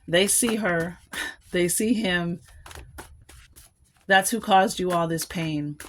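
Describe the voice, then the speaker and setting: A woman's voice: fairly low pitch, slow, slight background noise. A woman giving a collective tarot reading, musing aloud and rambling, with small laughs between thoughts. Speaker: tarot card reader.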